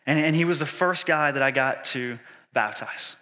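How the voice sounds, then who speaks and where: A man's voice: mid-range voice, normal speed, sharp tone. A male pastor telling a personal story in a sermon, chatty and self-deprecating, with lots of casual fillers. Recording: long reverb from a church hall.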